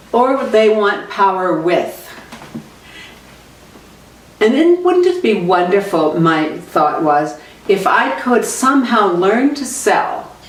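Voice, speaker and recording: A woman's voice: medium pitch, slight background noise. A middle-aged woman, a sales trainer, talking reflectively in a podcast monologue, often correcting herself mid-sentence. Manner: reflective, conversational, with self-corrections. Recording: roomy, distant from the mic.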